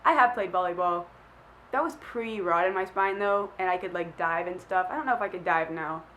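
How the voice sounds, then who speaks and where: A woman's voice: on the low side, fairly quick, fairly bright tone, rough recording. A young woman vlogger talks through a list of questions in a loose, rambling way, filling her sentences with "like" and laughing at herself. She sounds a little sick, and a faint hum of the room sits behind her voice. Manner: rambling, self-deprecating, lots of "like" fillers. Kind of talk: casual chat.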